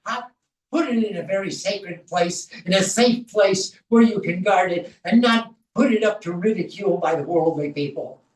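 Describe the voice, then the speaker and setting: A woman's voice: mid-range voice, moderate pace. A woman teaching a scripture class, speaking emphatically and explaining Sanskrit verses phrase by phrase. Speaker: spiritual teacher. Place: temple hall. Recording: echoey room, voice from far off.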